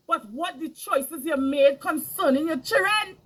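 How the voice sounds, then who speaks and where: A middle-aged woman speaks in a strikingly high voice. She delivers an impassioned moral lecture as a spiritual speaker. She scolds emphatically, hammering her points home by repeating phrases. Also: unhurried, hardly any pauses.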